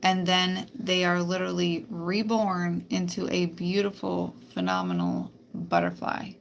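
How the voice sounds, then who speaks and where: A woman's voice: lowish voice, lively intonation, unhurried, vocal fry, a little hiss or hum. A woman hosting a spiritual live stream, talking bluntly and emphatically with plenty of swearing. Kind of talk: casual live-stream monologue.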